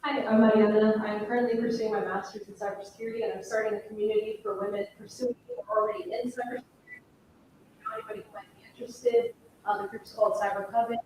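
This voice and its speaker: Brief: woman, fast talker, short announcement, distant with heavy echo. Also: mid-range voice, animated, a little mellow, a little hiss or hum. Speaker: graduate student announcing a community group. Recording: echoey room, speaker away from the mic.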